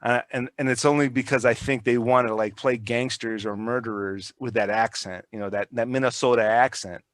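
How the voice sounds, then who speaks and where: A man's voice: medium pitch, steady tone, a little fast, few pauses, no echo. A man co-hosting a podcast, rambling in casual chat, swearing a lot and restarting his sentences. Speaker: podcast co-host.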